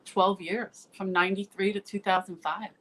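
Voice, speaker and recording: Middle-aged Philly-woman comic, blunt storyteller, acts out the quotes, mid-pitched voice. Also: fairly even intonation, normal speed, fairly bright tone, poor audio. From South Philadelphia. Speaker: comedian guest. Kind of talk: casual podcast chat, storytelling.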